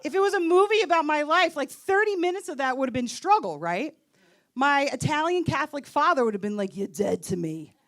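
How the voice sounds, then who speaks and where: A woman in her late thirties works a comedy stage in a live stand-up set, her voice pitched high and swooping animatedly through each line. She lands her jokes with a wry, sarcastic edge, speaking into a handheld stage mic. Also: expressive, brisk, fairly bright tone. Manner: wry, sarcastic punchline delivery.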